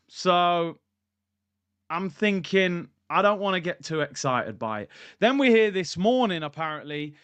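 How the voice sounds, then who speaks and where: A man hosting a casual live-stream of football commentary, animated and excitable, ranting at his chat. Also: a little high, clear, resonant tone, no echo. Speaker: football YouTuber, stream host.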